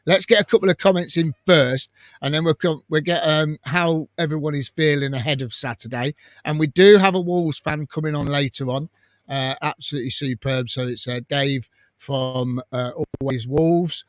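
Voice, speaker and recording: A man with a fairly high voice hosts a casual live fan stream. He reads viewer comments aloud in a chatty way and laughs often. The sound is close and dry, with no room around it. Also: normal speed, dry recording. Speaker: fan channel host.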